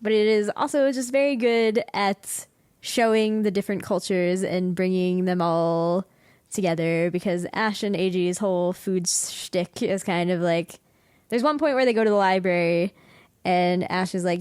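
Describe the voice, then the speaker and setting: Woman podcast host, casual and giggly, mid pitch, dry close sound, acts out quotes in her chat. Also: fairly even intonation, normal speed, darkish tone, smooth, no echo. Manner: chatty, laughs often, acts out quoted lines.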